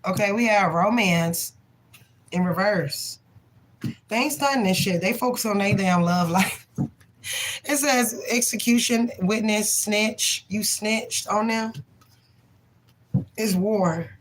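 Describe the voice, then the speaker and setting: A woman's voice: medium pitch, takes it slowly, pauses often, a little hiss or hum, rough recording. A young woman giving a live tarot reading, reading card names aloud in a blunt, profane, chatty way. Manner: laughs often and voices the people in the cards. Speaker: tarot reader.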